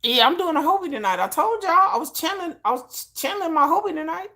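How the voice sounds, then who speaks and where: A woman vlogger rattles on about pop music in a loose, slangy, animated way, tossing in asides to her viewers. Her voice sits high and sounds bright and forceful. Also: quick pace. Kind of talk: casual pop-music chat.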